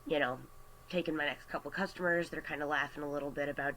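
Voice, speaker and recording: A man telling a story on a casual vlog, animated and chatty with lots of fillers, into a computer mic. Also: a little high, quick pace, slight background noise, rough recording. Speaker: artist vlogger. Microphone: webcam or computer mic.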